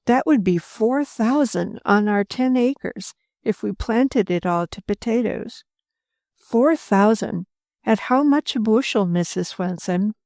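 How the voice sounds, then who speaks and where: Eager, earnest young homesteader girl, as a woman narrator puts her on, lifting her voice a little as she asks, slow and unhurried. The storybook read is dry and close, with no room around it. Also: mid-range voice, animated, vocal fry, a little mellow, no room sound.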